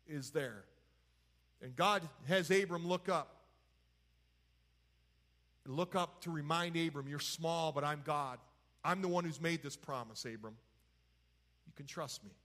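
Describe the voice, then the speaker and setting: A man's voice: a little high, fairly bright tone. A man teaching from the Bible in a folksy, conversational way, retelling scripture in everyday words.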